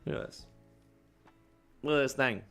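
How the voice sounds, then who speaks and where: A man's voice: medium pitch, a little slow, gravelly, a bit bright, dry recording, soft background music. A man hosting a casual live stream, chatting playfully with viewers and joking around.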